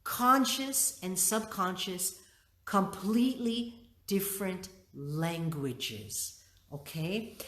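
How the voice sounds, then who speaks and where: A middle-aged woman leading a workshop, teaching and telling a personal story in an expressive way, acting out her own thoughts. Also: medium pitch. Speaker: workshop leader. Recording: roomy echo.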